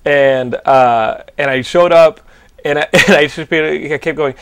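Animated young guy telling stories. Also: fairly high pitch, moderate pace, gravelly. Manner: animated storytelling, heavy swearing, lots of likes and restarts. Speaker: podcast host. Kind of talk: casual chat.

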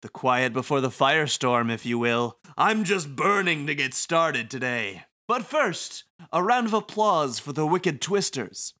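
A man doing a brash villain announcer with a bright, forceful edge, pitched a little above his usual talk and swinging widely in tone. He taunts like a showman hosting a deadly game. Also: lively intonation, measured pace, few pauses. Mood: taunting. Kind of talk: reading game dialogue aloud.

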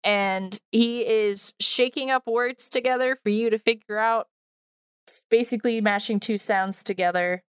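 A woman's voice: fairly high pitch, steady tone, measured pace, clear, resonant tone, dry recording, clean studio sound. A woman co-hosting a podcast, wryly explaining old kids' TV clips in casual chat. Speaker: podcast co-host.

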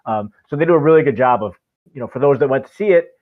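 A man talks through a casual podcast discussion, enthusiastic and rambling, full of fillers. His voice comes over a thin, phone-like line. The pitch sits at a middling level. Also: expressive, fast talker. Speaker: podcast co-host.

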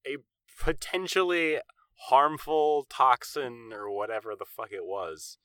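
A man's voice: mid-range voice, a little slow, sharp tone, smooth, no room sound. A man co-hosting a casual chat, adding dry, sardonic quips. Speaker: podcast co-host.

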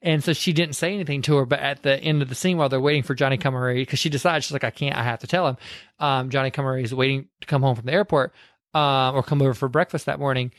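A man's voice: mid-range voice, steady tone, very fast, dry recording. Give me a chatty man co-hosting a film podcast, retelling scenes in a dry, close recording. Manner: chatty, acts out lines in put-on voices. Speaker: podcast co-host. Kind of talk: casual chat retelling a film plot.

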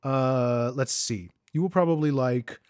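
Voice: medium pitch, unhurried, smooth, no room sound, studio quality. A podcast co-host in casual chat, joking and then reading out recommendations for other shows. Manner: animated, joking, reads out show plugs.

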